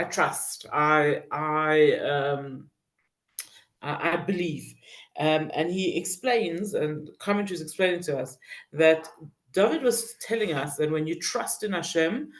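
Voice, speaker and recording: A woman teaching a Psalm class who reads Hebrew phrases, translates them and often pauses to search for words. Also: low-pitched. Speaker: Torah teacher. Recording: roomy echo.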